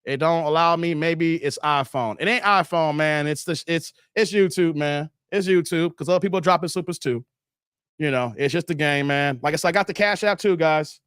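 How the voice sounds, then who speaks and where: A man's voice: on the high side, normal speed, fairly bright tone, smooth, dry recording, studio quality. A man hosting a casual live stream, reading chat comments in a laid-back, slangy way and laughing often.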